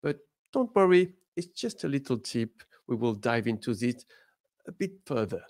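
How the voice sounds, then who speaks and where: A man teaching a beginner language lesson, leading repeat-after-me drills and praising often. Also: mid-range voice. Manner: slow, expressive, encouraging drills. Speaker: French teacher.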